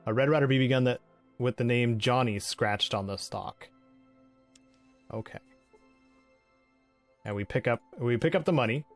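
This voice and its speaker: A man's voice: mid-range voice, moderate pace, long pauses, soft background music. A man giving casual game commentary, chatty and giggly, often restarting his sentences. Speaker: let's play host.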